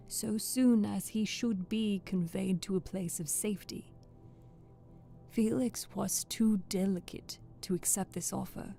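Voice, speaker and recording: A woman giving a soft-spoken ASMR reading of a classic novel, steady and careful, going back to reread phrases. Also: mid-range voice, creaky. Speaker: audiobook reader.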